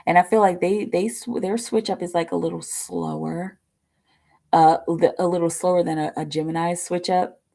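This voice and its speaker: A woman's voice: fairly low pitch, steady tone, moderate pace, gravelly, warm tone. A woman hosting a live tarot reading stream, talking in a chatty, rambling way with lots of fillers and casual swearing. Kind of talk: casual livestream chat.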